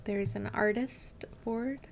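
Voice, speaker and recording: A woman streams a game from home and chats casually into a desk mic. She talks at an unhurried pace and wanders off into stories, padding her talk with "like" and "um". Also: mid-range voice, steady tone, gravelly, slight background noise. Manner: rambling, filler-heavy storytelling. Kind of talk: casual live game commentary.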